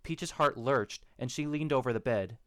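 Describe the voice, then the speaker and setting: A man narrating a story in a steady, even storytelling manner. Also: mid-range voice, normal speed, no room sound. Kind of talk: audiobook narration of a fan story.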